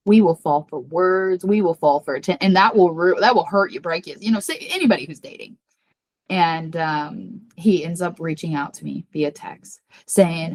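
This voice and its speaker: An earnest woman with a slightly low voice confides a personal story as a podcast guest. She speaks openly and animatedly, and her voice leaps upward whenever she acts out what someone said. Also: normal speed, vocal fry. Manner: earnest and confiding, talks about herself by name; animated, jumps high when acting out quoted voices. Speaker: podcast guest, psychic medium.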